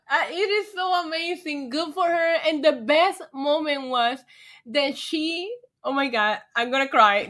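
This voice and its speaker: Excitable high-voiced woman streamer. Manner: excitable, swears freely, laughs often. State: getting tipsy from shots. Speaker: livestream host. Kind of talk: casual livestream chat.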